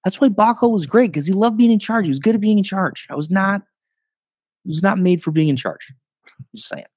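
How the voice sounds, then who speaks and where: A man, a podcast guest, telling stories in a loose, animated way, full of fillers and quick laughs. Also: high-pitched, dry recording. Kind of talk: casual storytelling.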